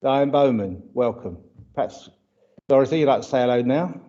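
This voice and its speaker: A British man with a dark-toned, medium-pitched voice leads a church livestream at a moderate pace, speaking expressively. He's chatty, greets viewers by name, and has a runny nose from a touch of hay fever. Livestream audio is dull and lo-fi.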